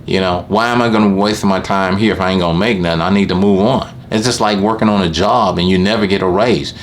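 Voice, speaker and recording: A man's voice: low-pitched, a little hiss or hum. A man who runs a lawn care business, telling a rambling story to camera and often repeating what he said.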